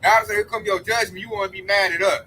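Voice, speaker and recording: A man's voice: sits high, fairly even intonation, quick pace, sharp tone, a little hiss or hum, low-quality recording. A man preaching outdoors by a road, telling stories animatedly with profanity in casual chat. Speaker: street preacher.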